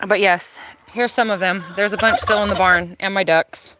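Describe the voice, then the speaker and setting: A woman's voice: medium pitch, normal speed, noisy background. A woman giving a casual, chatty tour of her backyard garden outdoors, talking into a handheld phone and using plenty of fillers. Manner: chatty and relaxed, with frequent fillers. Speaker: gardener showing her property. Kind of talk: casual live-stream chat.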